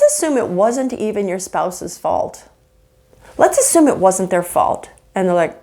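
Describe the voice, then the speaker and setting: A woman teaching about marriage from a faith angle, earnest and animated, often acting out example conversations. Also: on the low side, moderate pace. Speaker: marriage counselor. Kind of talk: faith-based relationship teaching.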